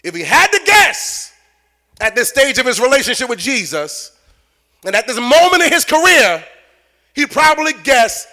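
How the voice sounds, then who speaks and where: A man preaching a sermon, repeating phrases and building to shouted points. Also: very high-pitched, moderate pace. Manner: animated, repetitive, building to shouts.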